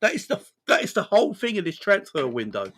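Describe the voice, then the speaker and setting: A young man from England hosting a fan live stream, animated and laughing, with lots of slang and repetition. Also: high voice, quick pace. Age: young adult. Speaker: fan channel host. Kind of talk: casual live-stream chat.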